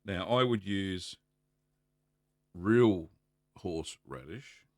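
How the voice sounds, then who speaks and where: A middle-aged Australian man hosting a casual live stream, chatty and relaxed, greeting viewers by name and filling pauses with ums. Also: deep voice, no room sound. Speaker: livestream host answering cheesemaking questions.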